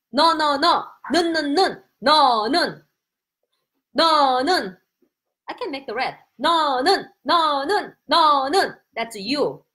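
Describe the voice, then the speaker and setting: A woman from Korea with a Korean accent, a Korean teacher giving a casual, excitable and spontaneous live-stream lesson. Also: high voice, moderate pace. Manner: excitable, laughing, chatty and spontaneous.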